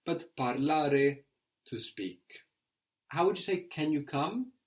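A man teaching a guided language lesson, asking prompting questions and slowing down to model phrases. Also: a little high, sing-song.

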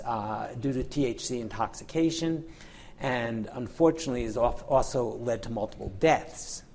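A middle-aged man, a physician and researcher, giving a lecture in a candid, wry storytelling manner with many fillers and restarts. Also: medium pitch. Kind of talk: lecture to an audience.

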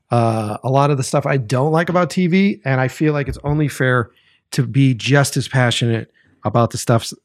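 A man with a gravelly, fry-laden voice talks loosely into the mic as a podcast host, swearing freely and wandering between fillers and restarts. The sound is dry and close, with no room around it. His pitch sits in the middle range for a man. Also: no room sound. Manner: rambling, profane, many fillers. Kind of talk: casual solo podcast chat.

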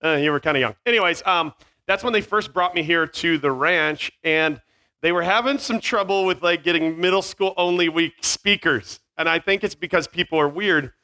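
Man, 40s, high bright voice, camp speaker wandering off on silly tangents for middle schoolers. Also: normal speed. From Virginia. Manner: scattered, self-mocking, jumps between tangents. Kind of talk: joking talk to middle schoolers. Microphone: headset mic.

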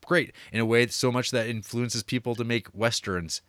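A man's voice: medium pitch, fairly even intonation, normal speed, a bit bright, clean tone, no echo, clean studio sound. A man co-hosting a casual film podcast, rambling with many fillers and restarts. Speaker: podcast co-host reviewing a film. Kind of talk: casual chat.

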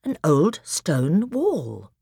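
A woman doing a brisk, firm schoolboy leader. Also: lowish voice, wildly swooping pitch, no echo, clean studio sound, pitched above the performer's own voice. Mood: decisive. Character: decisive eldest English schoolboy, leader.

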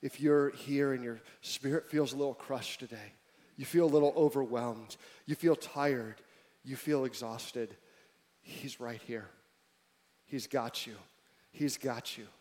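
A man preaching a sermon to a congregation, joking with the crowd at times and then dropping to a hushed, intimate tone. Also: medium pitch, steady tone, unhurried. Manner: swings from loud emphatic preaching to hushed near-whisper; humorous asides to the congregation. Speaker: pastor.

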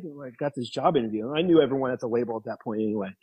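A man in his thirties, a guest in an interview, telling stories casually, laughing often and acting out quotes in a higher voice. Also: very fast, warm tone, breathy edge, low-quality recording. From New York. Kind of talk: casual storytelling.

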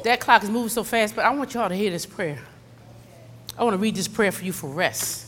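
A middle-aged woman preaching a sermon. She moves between low, conversational storytelling and fervent, shouted exhortation, calling out to the congregation. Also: brisk, slight background noise. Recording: long hall reverb.

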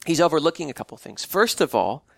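A man preaching a casual, conversational sermon, with a voice sitting a little higher than most men's. He often restarts his phrases as he talks. The sound is dry and close, with no room echo. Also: sing-song, fast talker, gravelly. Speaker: pastor.

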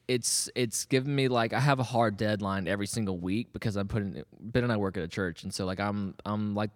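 Rambling man with a low voice, reverb. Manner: rambling, self-interrupting, laughs often. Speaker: podcast co-host. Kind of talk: casual chat.

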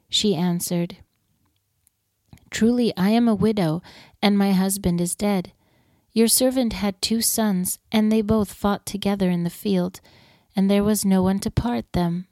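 Mellow-voiced woman reading scripture. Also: medium pitch, no room sound, clean studio sound. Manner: measured, steady reading aloud. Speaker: scripture reader.

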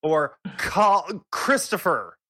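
A man's voice: sits high, sing-song, very slow, sharp tone. A man hosting a gaming podcast, chatting casually and joking with his co-hosts. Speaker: podcast host. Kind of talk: casual chat.

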